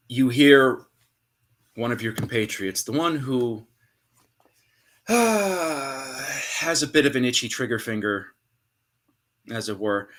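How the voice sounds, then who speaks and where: A man narrating a tabletop game as game master, with dramatic storytelling and hushed pauses. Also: medium pitch.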